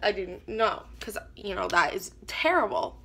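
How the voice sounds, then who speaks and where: Bright-voiced woman vlogging casually. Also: mid-range voice, lively intonation, measured pace, vocal fry, husky. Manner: rambling and chatty, with many restarts. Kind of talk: casual storytelling to camera.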